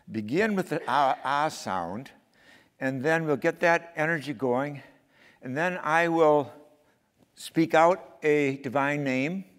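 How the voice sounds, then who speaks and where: A priest with a smooth, resonant voice leads a gathering at an unhurried pace, gently guiding people and calling out chanted names. His voice rings with the long reverb of a large hall. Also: mid-range voice. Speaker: priest leading prayer. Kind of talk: spiritual talk and call-and-response chant. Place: large hall at a faith festival.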